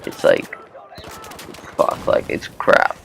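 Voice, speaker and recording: A man's voice: slow pace, a bit bright, slight background noise. A man hosting a gaming channel, telling a childhood story in a rambling, casual way with lots of swearing and fillers. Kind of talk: casual storytelling over gameplay.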